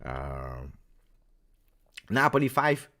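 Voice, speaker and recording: A man's voice: fairly low pitch, big pitch swings, drawn-out words, pushed and bright. A man hosting a fan live stream, ranting heatedly and repeating himself for emphasis. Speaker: fan channel host.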